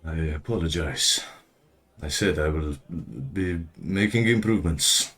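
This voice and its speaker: Jittery shady stall keeper, deep voice, nervous and apologetic, as a man does him. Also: animated, a little slow, fairly bright tone, husky, full character voice. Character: flustered middle-aged male market stall keeper.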